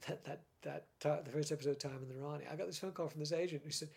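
An older man from Britain talks through his memories in a relaxed interview. His voice sits a little high for a man, with a gravelly, husky grain. He laughs often and breaks off to restart his sentences as he recounts the past. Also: racing. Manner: animated storyteller, laughs often, many restarts. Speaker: interview guest, former script editor. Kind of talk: casual interview chat.

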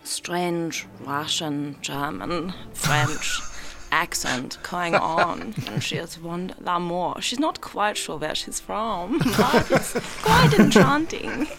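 A woman's voice: lowish voice, lively intonation, slow, crowd noise. A young woman in her twenties, an actress and podcast guest, chatting enthusiastically with giggles and hesitant fillers. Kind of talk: casual chat.

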